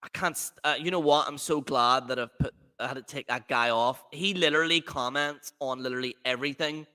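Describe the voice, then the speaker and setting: A man's voice: mid-range voice, a little fast, pushed and bright. A man hosting a livestream, ranting in a profane, rambling, mocking way. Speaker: livestream host. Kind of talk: casual rant on a livestream.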